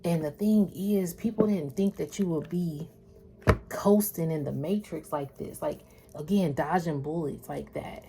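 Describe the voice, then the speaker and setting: A woman's voice: low voice, unhurried, background noise. A woman doing a casual spiritual reading, chatting with viewers in a slangy, loose way. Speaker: spiritual tarot reader.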